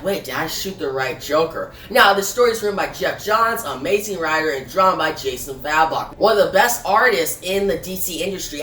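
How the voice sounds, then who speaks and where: A man's voice: on the high side, bright, forceful tone, slight background noise. A man casually recapping and reviewing a comic book, talking loosely with many fillers. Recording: echoey room, from far off.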